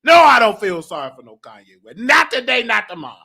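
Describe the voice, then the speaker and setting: A male talk show host ranting emotionally and in an animated way, sometimes shouting and close to tears. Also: very high voice, quick pace, slightly rough. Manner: animated, fired-up, at times shouting and near tears.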